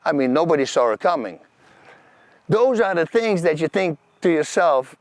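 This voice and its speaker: Animated Dutch man telling stories. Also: on the high side, moderate pace, dry recording. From Netherlands. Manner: animated, vivid, acts out scenes and quotes; loose, non-native grammar. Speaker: channel host. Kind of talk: personal storytelling monologue.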